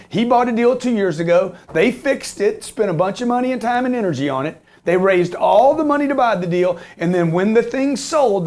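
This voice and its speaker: Fifties guy hyping real estate deals, high voice, swings up and down a lot, keeps going "okay?". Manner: emphatic and repetitive, keeps asking "okay?"; swears and jokes as he talks. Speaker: real estate investor presenting to an audience. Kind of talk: animated business talk.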